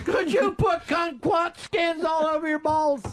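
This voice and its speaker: A man's voice: very high-pitched, steady tone, a little slow, voice pushed up. A radio host voicing a crude, goofy southern redneck man with a put-on Southern accent, wooing in a sing-song way during a comedy radio bit. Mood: lovesick. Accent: put-on American Southern.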